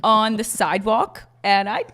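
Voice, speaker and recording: A woman's voice: mid-range voice, measured pace. A young woman co-hosting a podcast, telling a story in casual chat and using "like" a lot. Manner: animated storytelling with lots of "like". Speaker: podcast co-host.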